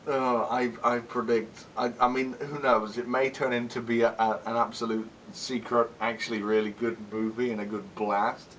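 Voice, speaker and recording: A man's voice: mid-range voice, flat delivery, normal speed, hardly any pauses, fairly bright tone, recorded from a distance, highs cut off, a little hiss or hum. A man chatting casually in a vlog, rambling and candid, swearing often and laughing between remarks. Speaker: vlogger.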